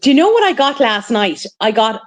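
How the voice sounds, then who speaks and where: Lively woman chatting and laughing. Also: fairly high pitch, fairly quick. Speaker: co-host. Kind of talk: casual live-stream chat.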